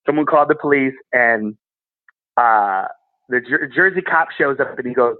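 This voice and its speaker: A man who is a guest comedian, telling candid personal stories in a casual, animated way. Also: medium pitch, no room sound. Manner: candid and animated, with quick laughs. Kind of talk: casual storytelling. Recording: tinny phone-like line.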